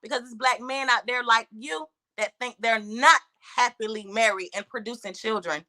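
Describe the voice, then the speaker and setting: Female guest, high bright voice, forceful and emphatic, talks over everyone. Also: moderate pace. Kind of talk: heated debate.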